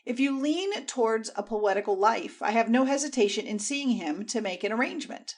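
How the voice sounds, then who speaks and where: A woman voicing an elderly, jealous but gentle uncle, speaking softly in a lowered, fatherly tone. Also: lively intonation, brisk. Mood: gentle, indulgent.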